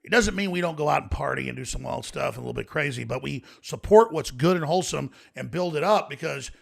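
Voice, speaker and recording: A man's voice: on the high side, lively intonation, fast talker, creaky. A man on a podcast as the guest, ranting emphatically in casual studio chat.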